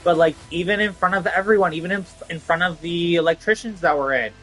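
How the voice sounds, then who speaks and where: A man's voice: a little high, fast, a bit bright, faint music behind. Frustrated young man ranting. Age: young adult. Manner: frustrated, swearing, heavy "like" fillers. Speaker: vlogger. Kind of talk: casual rant to camera.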